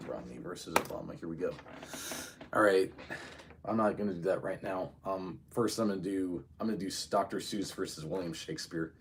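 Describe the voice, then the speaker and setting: A man's voice: low-pitched, creaky, a little hiss or hum. A man talking casually in a solo vlog, rambling and hesitant as he thinks aloud. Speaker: video creator.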